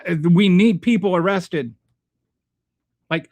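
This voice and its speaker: A man hosting his own show, reading viewer comments aloud and answering them in a halting, blunt, exasperated way, restarting his sentences often. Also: high voice, no echo. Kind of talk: casual unscripted commentary.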